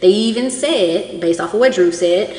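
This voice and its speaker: A woman's voice: medium pitch, moderate pace, a little mellow. A woman giving a casual, chatty recap of a reality show, acting out quotes as she goes. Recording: echoey room with long reverb.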